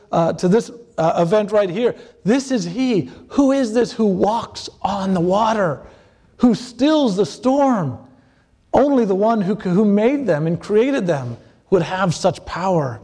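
A man preaching a sermon, halting with many fillers and restarts, acting out the voices he quotes. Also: sits high, warm tone. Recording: long hall reverb.

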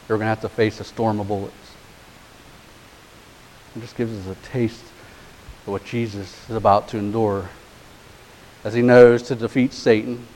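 A male pastor delivering a sermon, moving from hushed, low passages to rising, emphatic exhortation, stressing key words slowly and deliberately. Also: slight background noise, poor audio.

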